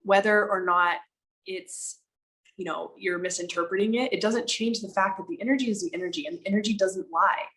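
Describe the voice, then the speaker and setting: A woman speaking candidly as a podcast guest, animated and emphatic, slowing down to stress her words and now and then swearing for emphasis. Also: mid-range voice, poor audio. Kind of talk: candid conversational storytelling.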